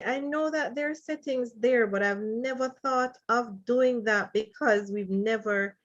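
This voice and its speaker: A flustered woman hosts a live online session and talks slowly, with a higher voice. Her speech breaks into small laughs and repeated apologies. The audio is dull and lo-fi, as from a computer mic. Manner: flustered, emotional, laughing between phrases, apologizing. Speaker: online freelancing teacher hosting a live session. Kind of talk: live-stream chat. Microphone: computer mic on a live video call.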